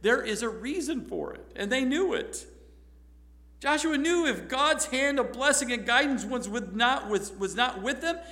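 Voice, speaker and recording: A man's voice: very high voice, expressive, unhurried, sharp tone. A man preaching a sermon in an emphatic way, repeating phrases for stress. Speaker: pastor.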